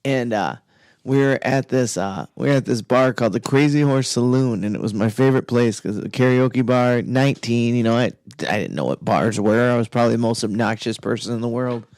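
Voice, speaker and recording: A man's voice: mid-range voice, brisk, a little mellow, dry recording, studio quality. A man co-hosting a podcast in casual chat, laughing often as he tells stories and acts out quoted voices. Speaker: podcast co-host.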